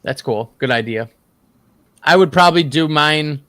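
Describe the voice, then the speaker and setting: A man's voice: fairly high pitch, normal speed, a bit bright, no echo. A man who plays guitar in a band, a guest in a casual gear chat who tells rambling, easygoing stories. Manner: easygoing, rambling storyteller with fillers.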